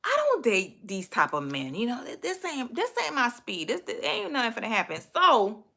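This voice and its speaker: A woman hosting a livestream, telling a story in an animated, profane, exasperated way. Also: fairly high pitch, normal speed, creaky, few pauses. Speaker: livestream host.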